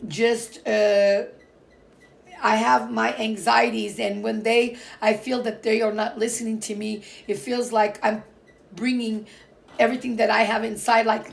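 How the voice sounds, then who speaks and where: Middle-aged woman from Portugal, gravelly low fry, rambling casual vlog chat, emphatic with lots of fillers. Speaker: vlogger. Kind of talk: casual personal talk to viewers.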